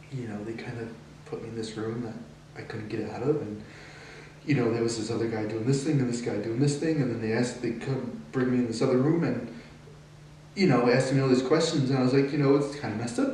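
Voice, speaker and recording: A young man, an acting student, tells a personal monologue, at times quiet, at times agitated and swearing. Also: medium pitch, slight background noise. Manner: emotional storytelling, swings from quiet to agitated. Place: classroom or studio. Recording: distant mic in very echoey room.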